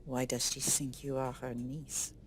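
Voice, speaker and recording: A man's voice: medium pitch, level tone, a little slow, a little hiss or hum, close to an everyday voice. A man voicing a stern baroness who asks pointed questions.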